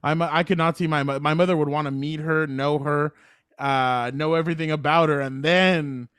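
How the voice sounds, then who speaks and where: A man's voice: on the high side, steady tone, moderate pace, fairly bright tone, smooth, no echo, clean studio sound. A man in his thirties co-hosting a podcast, chatting casually, rambling and laughing easily. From Latino American. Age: 30s. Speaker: podcast co-host. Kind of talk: casual chat.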